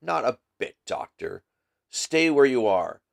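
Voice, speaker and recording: A man's voice: mid-range voice, big pitch swings, slow, creaky, full character voice. A man reading as a dry, assured detective. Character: sharp, cool-headed male detective.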